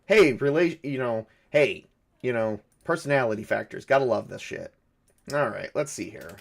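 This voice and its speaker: Guy running a solo tabletop game, talks to himself, rambles and corrects himself, mid pitch. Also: animated, normal speed, gravelly. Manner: rambling, self-correcting, chuckles at own jokes. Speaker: game master.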